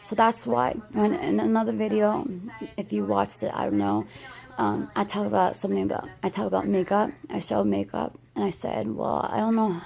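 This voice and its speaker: A woman's voice: medium pitch, sing-song, moderate pace, vocal fry, darkish tone. A woman in her thirties from the United States, talking anxiously and rambling in an emotional vlog response, with many restarts. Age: 30s.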